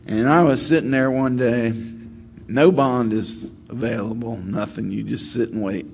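A middle-aged man at a recovery meeting telling his story in a wry, self-deprecating way, rambling with many pauses. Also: mid-range voice, fairly even intonation, creaky. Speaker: speaker sharing at a recovery meeting. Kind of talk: storytelling share. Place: meeting room. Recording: slightly dull recording with faint room noise.

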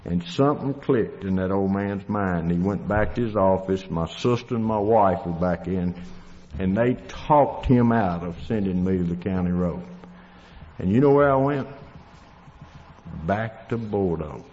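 A man's voice: deep voice, measured pace, a little mellow. A man with a Tennessee Southern accent telling his recovery story in a plainspoken, folksy way. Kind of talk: storytelling testimony. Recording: dull lo-fi recording in a reverberant hall.

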